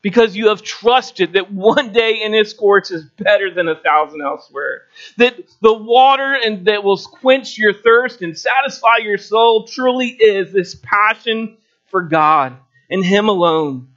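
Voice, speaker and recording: A male preacher with a notably high voice delivers a sermon, moving between a quieter low register and lifted, excited phrases as he tells a story. The recording sounds dull and lo-fi. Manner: storytelling with shifting pitch and pauses.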